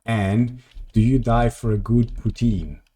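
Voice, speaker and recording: This weary streamer talks slowly in a mid-range voice with a dark tone and fairly even intonation. While playing a game live, he chats loosely, wanders off topic, and replies to what viewers write.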